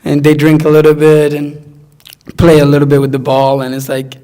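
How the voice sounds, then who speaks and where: A young man in casual conversation, telling animated stories and acting out his friends' voices. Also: a little high, a little fast.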